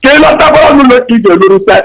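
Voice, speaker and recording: High, gravelly, fast-talking man. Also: lively intonation, a bit bright, poor audio. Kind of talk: impassioned radio speech.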